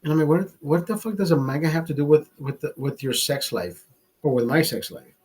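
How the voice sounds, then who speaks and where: A man's voice: on the high side, fairly quick, darkish tone, slightly rough, low-quality recording. A man hosting a livestream, telling a story in a heated, profane rant. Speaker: livestream host. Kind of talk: ranting storytime monologue.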